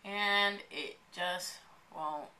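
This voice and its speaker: A woman's voice: on the low side, drawn-out words, pushed and bright. Stuffy-nosed young woman, chatty vlog. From New Jersey. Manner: chatty, rambling with many fillers. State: stuffy nose, slightly raspy. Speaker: makeup vlogger. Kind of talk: casual vlog update.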